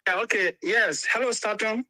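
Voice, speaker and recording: A man calling in to a radio talk show, talking haltingly with restarts. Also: sits high, pushed and bright, dry recording, low-quality recording. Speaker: caller.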